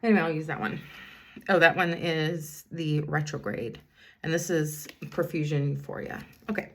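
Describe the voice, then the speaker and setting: A woman's voice: low-pitched, steady tone, moderate pace, fairly bright tone. A woman in her fifties, a school bus driver, chatting casually while doing her makeup, rambling through a story and breaking off to talk about her eyeliner. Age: 50s. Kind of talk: casual get-ready-with-me chat.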